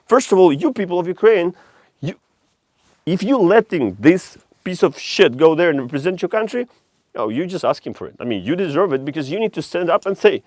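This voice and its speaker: A man's voice: high voice, sing-song, fairly quick, darkish tone, no echo. A man from Russia with a Russian accent, delivering a blunt, profane, heated monologue to camera as a vlogger.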